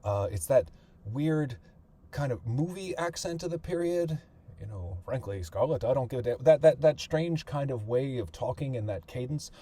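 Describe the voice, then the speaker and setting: A man's voice: on the low side, mellow, slightly rough. A middle-aged man narrating his family's history in a conversational way, thinking aloud with fillers and restarts. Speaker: podcast host and author.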